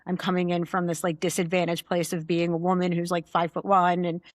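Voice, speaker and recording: Low-voiced young woman, candid and chatty, dry studio sound. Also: a little fast, no echo. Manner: candid, animated storyteller. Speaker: guest, chief financial officer. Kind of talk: casual interview chat.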